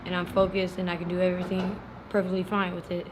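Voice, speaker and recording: Woman interviewee, low monotone, terse answers, noisy street recording. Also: quick pace. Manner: short, blunt answers.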